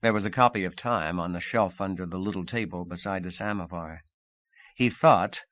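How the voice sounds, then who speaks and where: A man with a low voice reads an audiobook in a calm, measured way. The sound is close and dry, with no room echo. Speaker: audiobook narrator. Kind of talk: audiobook narration.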